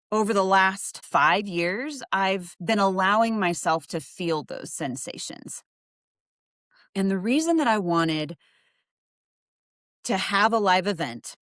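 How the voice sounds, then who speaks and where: A woman who coaches adoptees hosts her own podcast, speaking in an earnest, reflective monologue and letting her emotions show openly. Her voice is fairly low and a bit bright, recorded dry with a clean studio sound.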